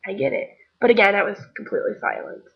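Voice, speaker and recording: A chatty young woman tells a story straight to the camera, acting out the people she quotes as she goes. Her voice is a little husky, and the audio sounds dull and lo-fi. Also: medium pitch, fast. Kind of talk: casual storytelling vlog.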